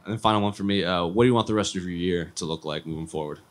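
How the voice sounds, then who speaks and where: Deep fast-talking male reporter. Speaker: reporter asking questions. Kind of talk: press conference questions.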